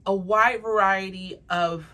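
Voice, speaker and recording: A young woman vlogger reviewing jewelry in a casual unboxing, gushing and excitable, talking straight to her viewers. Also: medium pitch, takes it slowly. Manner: gushing, excitable, addresses viewers as "you guys".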